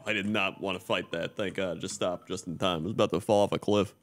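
A man's voice: deep voice, steady tone, quick pace. A male streamer giving laid-back, wry live commentary on his own game play.

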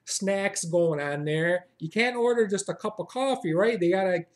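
Exasperated high-voiced man ranting. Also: normal speed. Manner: exasperated, filler-heavy with like and you know. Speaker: comic ranter. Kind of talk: comedic rant.

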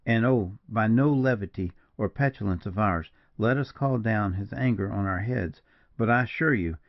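A man's voice: on the low side, normal speed, lightly acted. A man voicing a kindly, courtly veteran frontier scout in an audiobook, speaking in an earnest, old-fashioned way. The recording is dull and lo-fi. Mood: warm, courtly.

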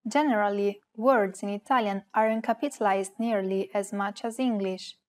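A woman's voice: mid-range voice, steady tone, normal speed, darkish tone. A woman co-hosting a language lesson, carefully reading out example words in a scripted narration. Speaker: co-host giving example words.

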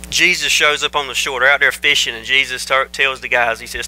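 Male pastor, sermon, very bright forceful tone, emphatic repetition. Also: mid-range voice, steady tone, fairly quick, rough recording. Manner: emphatic, repeats phrases for stress.

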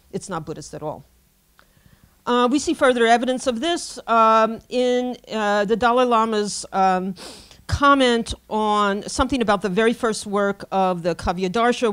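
Woman lecturing at a conference, mid-pitched voice, careful academic tone, lots of little ums and restarts. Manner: measured scholarly delivery with frequent ums and self-corrections.

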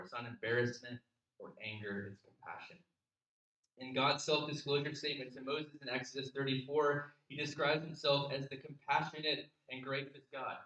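A male pastor delivers a sermon in a relaxed, conversational way, earnest and often circling back over his words. His voice is bright and clear, at an ordinary pitch for a man. It rings out in a roomy church sanctuary.

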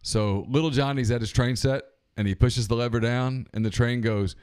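A man co-hosting a late-night sports call-in show, talking casually and telling a long joke at a deliberate pace. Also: medium pitch, fairly even intonation, a little mellow, clear, resonant tone, no echo, clean studio sound. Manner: deliberate, drawn-out storyteller. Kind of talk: casual chat.

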